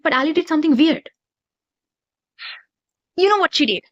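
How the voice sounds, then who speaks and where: A woman's voice: sits high, expressive, normal speed, dull audio. A young woman, reviewing a book to camera in an exasperated, ranting way. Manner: exasperated, ranting, talks straight to viewers.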